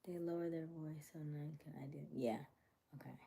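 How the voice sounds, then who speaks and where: A woman's voice: low-pitched, animated, normal speed, vocal fry, warm tone, husky. A woman chatting casually on a livestream, often dropping into whispers and muttering to herself. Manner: muttering to herself, drifting between whispers and normal talk. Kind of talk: casual chat with live chat, partly whispered.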